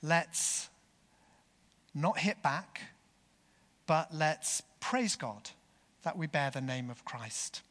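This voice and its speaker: A man delivers a sermon in a slow, deliberate pace, his earnest storytelling carried on a bright, clear voice. A long church reverb trails every phrase. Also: on the high side, expressive. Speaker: preacher.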